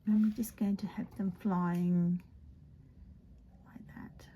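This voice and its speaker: A woman demonstrating card making in a chatty way, often dropping to a soft half-whisper as she works. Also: lowish voice, level tone, takes it slowly, a little hiss or hum. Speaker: papercraft demonstrator. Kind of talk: chatty craft tutorial.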